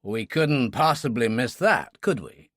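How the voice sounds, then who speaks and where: A man voicing a smooth, scheming man giving orders in an audiobook. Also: medium pitch, expressive, a little slow, a bit bright, dry recording, studio quality.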